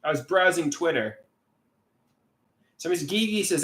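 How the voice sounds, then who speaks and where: A man's voice: a little high, animated, fast talker, a bit bright. A man hosting a casual livestream, reading chat comments aloud and rambling with many repeated, restarted words. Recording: echoey room.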